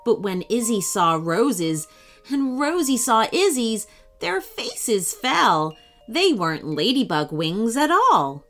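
A woman hosting a children's story podcast who reads slowly, in a bright, lilting voice. Her pitch sits a little high and rises and falls widely, over soft music. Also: big pitch swings.

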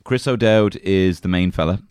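A man's voice: deep voice, normal speed, a little mellow, clear, resonant tone, no room sound, clean studio sound. A man co-hosting a podcast in casual, joking chat, laid-back and a little hesitant. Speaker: podcast co-host.

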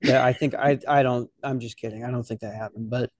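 A man's voice: medium pitch, steady tone, a little fast, no echo. Man rambling through a comedy podcast story. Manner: rambling, profane, frequent restarts. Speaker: podcast host and novice stand-up comic. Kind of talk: casual storytelling.

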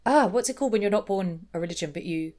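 A woman co-hosting a podcast in loose, casual chat. Her voice sits at a middling pitch. She rambles with plenty of fillers and slips into quick acted-out quotes. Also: expressive, a little mellow. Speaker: podcast co-host.

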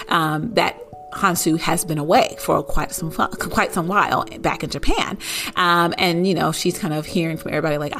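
Chatty woman rambling through a recap. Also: fairly low pitch. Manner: rambling, full of "like" and "you know"; indignant, gets loud at outrageous moments. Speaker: show recapper. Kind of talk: casual episode recap.

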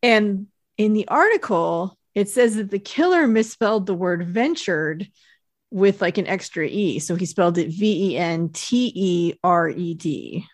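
A woman co-hosting a podcast, narrating a TV episode's plot step by step in a relaxed way. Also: mid-range voice, measured pace. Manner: steady, detailed plot narration. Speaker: podcast co-host. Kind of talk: casual recap chat.

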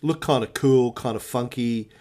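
Brief: male podcast co-host, animated storyteller, casual and profane, mid-pitched voice. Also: normal speed. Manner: animated storyteller, swears freely. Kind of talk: casual chat, anecdote.

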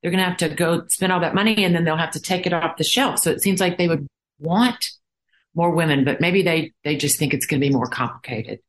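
A woman's voice: on the low side, a little fast. A middle-aged woman hosting a podcast, chatting casually and affirming her guest often. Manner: affirming, with frequent backchannels. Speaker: podcast host.

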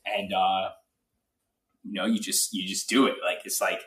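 A man telling an animated, filler-heavy story as a guest in a casual interview. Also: sits low, normal speed, reverberant, recorded from a distance. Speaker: guest athlete.

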